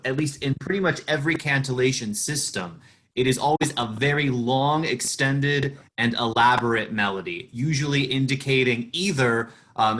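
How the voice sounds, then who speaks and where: Thoughtful, hesitant cantor explaining chant marks. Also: male voice, mid-range voice, fairly bright tone. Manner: thoughtful, halting with restarts. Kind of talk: class discussion.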